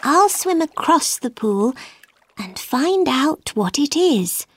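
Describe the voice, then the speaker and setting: A woman's voice: high-pitched, sing-song, slow pace, voice pushed up, heavily acted. A woman voicing a polite, curious young girl in a storybook reading, who chatters on and keeps apologising. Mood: musing.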